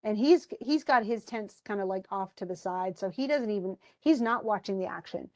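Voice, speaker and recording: An animated woman walks through a book chapter in a casual, conversational way. She speaks at a middle pitch and sounds like a teacher talking to her students. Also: moderate pace.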